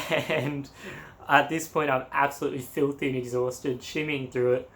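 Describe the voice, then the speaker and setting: A man's voice: mid-range voice, moderate pace. Australian man telling a travel story. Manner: animated, acts out quotes, laughs often. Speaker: travel vlogger. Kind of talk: casual storytelling.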